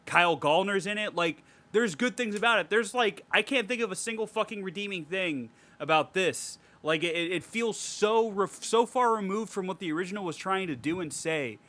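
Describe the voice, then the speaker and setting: Bright-voiced man ranting on a podcast. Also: high-pitched, moderate pace, few pauses. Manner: animated, profane ranting with frequent laughs. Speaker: podcast co-host. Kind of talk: casual podcast film review.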